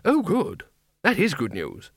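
A man voicing a gruff, impatient old head wizard in an audiobook who stammers when caught off guard. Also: fairly high pitch, huge pitch swings, a little slow, no echo, clean studio sound, pitched above the performer's own voice, full character voice. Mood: flustered. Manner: brusque, stammers when unsettled.

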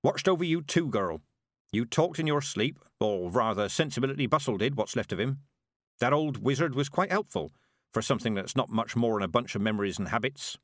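A man voicing a stern, sharp-tongued old woman witch who speaks in curt, commanding tones. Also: medium pitch, animated, a little fast, no echo, studio quality, natural voice.

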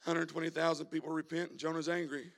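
A male evangelist, preaching a sermon in a church, moving from quiet talk to shouted preaching. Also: on the high side, flat delivery, fast, gravelly. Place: church sanctuary.

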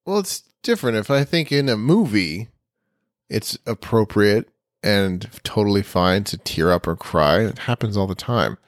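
A man's voice: fairly low pitch, animated, normal speed, no room sound, studio quality. A man co-hosting a podcast in casual chat, rambling and playful, often restarting his sentences. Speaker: podcast co-host.

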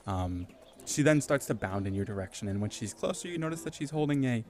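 A man runs a tabletop game, describing the scene for the players. His voice is mid-pitched and conversational. He lays out the details steadily, with natural ums between phrases. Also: expressive, brisk, a little mellow. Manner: descriptive narration, with frequent filler ums. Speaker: game master.

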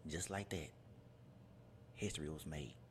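A man reading a first-person adventure story in a measured, journal-like way, with crowd noise behind. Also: extremely low pitch. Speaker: narrator.

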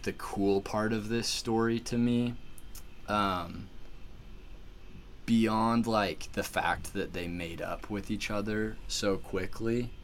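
Low-voiced man telling a rambling story. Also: slight background noise. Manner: animated, filler-heavy storytelling with many "like"s. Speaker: podcast guest telling a story. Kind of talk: casual storytelling chat.

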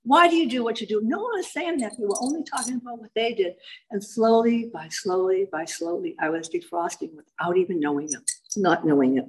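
A woman's voice: medium pitch, fairly quick, a little mellow, slight background noise, low-quality recording. A woman from Massachusetts giving a personal testimony to a live audience, wry and self-mocking as she tells her story. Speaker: speaker sharing her recovery story.

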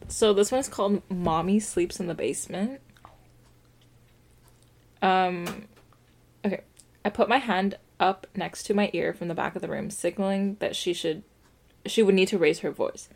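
A woman's voice: mid-range voice, unhurried, vocal fry, pauses often, darkish tone, a little hiss or hum. A young woman casually reading a story aloud on a podcast, adding her own offhand remarks.

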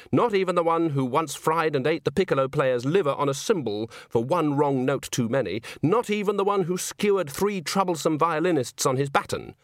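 A man reading a comic novel aloud as narrator, wry and expressive. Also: a little high, no room sound, clean studio sound. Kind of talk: audiobook narration.

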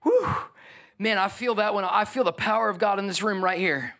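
A man preaching a lively sermon as pastor, acting out the voices of biblical figures. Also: high-pitched, fairly quick.

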